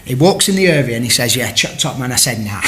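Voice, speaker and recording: A Welsh man, a former footballer, telling an animated, chuckling story in casual podcast talk and acting out both sides of an argument. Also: medium pitch, quick pace, heavy background noise.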